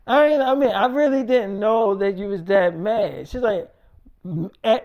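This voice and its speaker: A man's voice: high voice, normal speed, a little mellow. A man telling a casual story, acting out both sides of a conversation and swearing freely.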